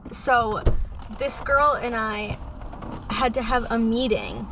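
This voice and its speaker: A woman's voice: fairly high pitch, slow, noisy background. A woman in her twenties telling a rambling, filler-heavy story in a car, laughing often. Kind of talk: casual storytelling. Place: inside a car. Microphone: phone camera.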